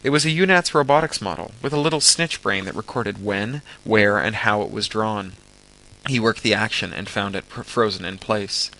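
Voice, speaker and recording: A man reading a story aloud as an amateur audiobook, steady with occasional stumbles. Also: fairly low pitch, normal speed, rough recording. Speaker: narrator.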